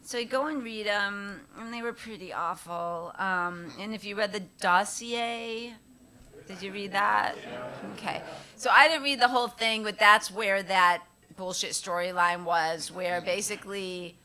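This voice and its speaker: A woman's voice: mid-range voice, unhurried. A middle-aged woman, a guest at a live Q&A, telling stories casually with frequent laughter and acted-out quotes. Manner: animated, laughing often, acts out quoted voices. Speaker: guest actress at a Q&A. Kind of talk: casual storytelling on stage.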